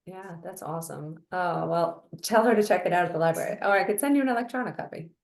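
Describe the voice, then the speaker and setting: A woman author as a podcast guest, chatting in a quick, upbeat, encouraging way over a video call. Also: fairly low pitch, gravelly, a little mellow. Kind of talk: casual interview chat. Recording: echoey room on a call.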